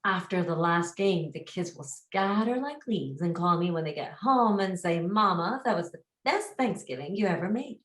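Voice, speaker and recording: A dreamy, wistful mother picturing her grown children, played by a woman on stage. Her voice is low and soft-edged. The sound rings with a roomy echo. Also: lively intonation, moderate pace, hardly any pauses. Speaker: stage actor.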